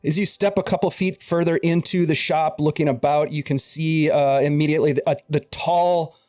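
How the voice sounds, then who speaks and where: A man's voice: fairly high pitch, steady tone, moderate pace, darkish tone, no echo, clean studio sound. A man narrating a tabletop game as game master, rambling through restarts. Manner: rambling, many restarts and fillers.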